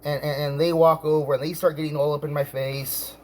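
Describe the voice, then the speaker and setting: A man telling a story in an angry rant, stammering and repeating himself, now and then bursting into shouts. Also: a little high, flat delivery, a little fast, slight background noise. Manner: many restarts and stammered repeats. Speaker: vlogger.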